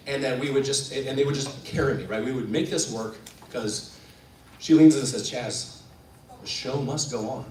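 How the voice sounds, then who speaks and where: A man spins a story for a live audience, his pitch leaping up and down as he acts out each person. He sounds a little distant, in a roomy space with faint ambient noise behind him. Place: event room at a coffee house performance.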